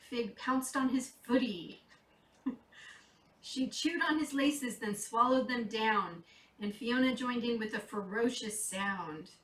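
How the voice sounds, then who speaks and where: A woman's voice: a little high, a bit bright, distant mic. A woman reading a rhyming Christmas storybook aloud in a playful, sing-song rhythm. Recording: echoey room, off mic.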